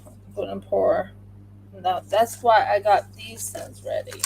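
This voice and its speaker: Slow-talking woman crafter on a livestream. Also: medium pitch, fairly even intonation, vocal fry, darkish tone, slight background noise, poor audio. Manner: chatty, talks through each step as she works. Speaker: crafter livestreaming a resin pour. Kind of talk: casual livestream chat while crafting.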